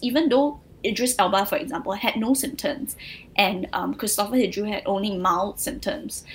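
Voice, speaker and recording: Young woman, chatty podcast co-host, filler-heavy, mid-pitched voice. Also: animated, moderate pace, poor audio. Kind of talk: casual pop culture chat.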